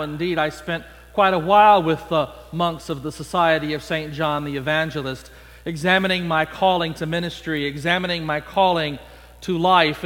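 A man preaching a sermon, telling a story in a playful, animated way. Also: a little high. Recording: long echo in a large hall.

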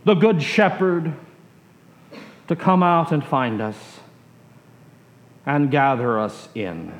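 A male pastor preaching a sermon, telling a personal story slowly, repeating phrases and letting them trail off quietly. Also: a little high.

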